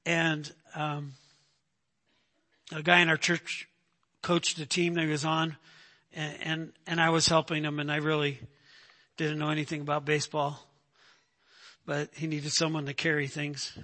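Male pastor, bright, tenor-ish preaching voice, emphatic and conversational. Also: a little high, completely flat delivery, unhurried, pauses often. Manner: emphatic, repeats "right?" to the congregation. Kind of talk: sermon.

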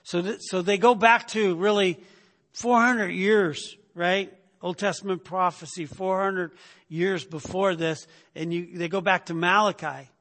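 A man's voice: high voice, a bit bright, in a large hall. A man teaching a sermon in a conversational way, often stopping to ask "right?" and repeating words as he goes. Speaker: preacher.

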